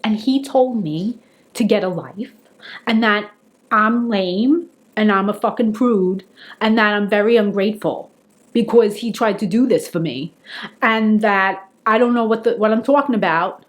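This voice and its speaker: A woman's voice: a little high, normal speed. A middle-aged woman with a New York accent tells an exasperated, profane comic rant straight to camera. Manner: indignant, exasperated, profane storytelling. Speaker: vlogger.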